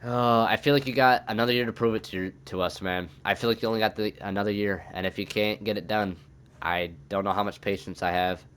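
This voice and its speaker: A man's voice: fairly low pitch, fairly even intonation, brisk, a bit bright, clean tone. A young man commenting on his own hockey video game season, thinking aloud and swearing when things go wrong. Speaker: gaming YouTuber.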